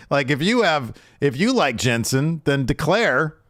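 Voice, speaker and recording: A man's voice: a little high, fairly bright tone, no echo, clean studio sound. A man co-hosting a podcast, recapping wrestling in casual chat with joking, exasperated asides. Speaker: podcast co-host.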